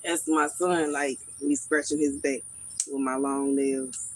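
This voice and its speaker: A woman's voice: extremely low pitch, fairly even intonation, takes it slowly, background noise. A woman with a Southern accent chatting casually and thinking aloud to viewers on a livestream from her garden. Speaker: livestream host. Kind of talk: casual live chat with viewers. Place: outdoors in a garden.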